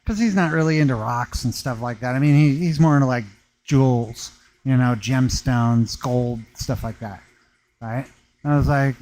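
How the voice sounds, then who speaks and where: A man's voice: medium pitch, normal speed, a little mellow, rough recording. A man hosting a casual live chat from his stone-working workshop, laid-back and slangy, laughing often. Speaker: workshop vlogger talking to live viewers.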